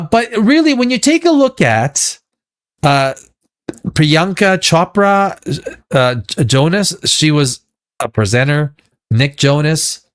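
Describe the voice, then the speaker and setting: A man hosting a casual pop-culture commentary show, rambling with stammered restarts and breaking into profane rants. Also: mid-range voice. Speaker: show host.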